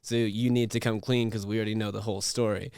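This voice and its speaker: A man's voice: lowish voice, flat delivery, fast talker, a little mellow, smooth, dry recording, studio quality. Young man telling a rambling story. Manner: rambling, laughing storyteller with many restarts and fillers. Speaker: podcast host. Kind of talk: casual storytelling chat.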